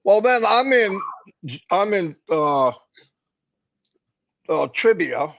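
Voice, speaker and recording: Joking high-voiced man on a lo-fi stream. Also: lively intonation, very slow, creaky, fairly bright tone. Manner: rambling, joking, with many fillers and restarts. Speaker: live stream co-host. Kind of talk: casual live-stream chat. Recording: dull lo-fi stream audio.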